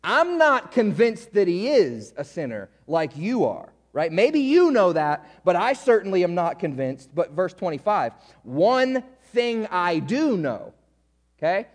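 A man's voice: high voice, sing-song, measured pace, long reverb tail. A man preaching a sermon in a conversational way, often checking in with his listeners. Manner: conversational preaching, frequent "right?" check-ins. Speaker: pastor.

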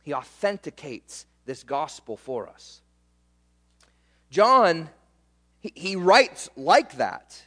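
High-voiced preacher in an echoing hall. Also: male voice, big pitch swings, takes it slowly, pauses often, fairly bright tone. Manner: conversational preaching, repeats words, emphatic refrains. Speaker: pastor. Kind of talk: sermon.

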